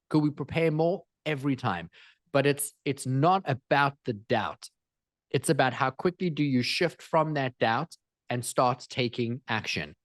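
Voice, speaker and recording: A man speaking as a guest in an interview, energetic and emphatic, driving points home with repetition. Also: medium pitch, no room sound, clean studio sound. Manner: energetic, emphatic, repeats phrases for effect. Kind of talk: animated interview storytelling.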